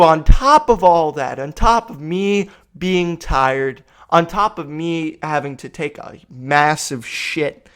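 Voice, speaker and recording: Young man, slightly high voice, tired, exasperated, swearing, rambling comic rant. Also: a bit bright. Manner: tired, exasperated, profane storytelling. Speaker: vlogger.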